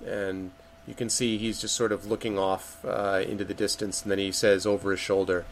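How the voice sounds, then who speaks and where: A man's voice: low voice, little pitch movement, moderate pace, a little hiss or hum. A man narrating a tabletop game as game master, with loose delivery full of fillers, voicing the characters' lines himself.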